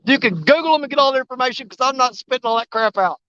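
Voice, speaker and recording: A man with a drawl chats and jokes while fishing from a riverbank. His voice sits high and bright, and he laughs easily as he rambles. The outdoor recording sounds dry and slightly dull. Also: lively intonation, very fast, smooth, no echo. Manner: joking, rambling, laughs often, folksy. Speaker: outdoor vlogger. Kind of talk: casual fishing vlog monologue.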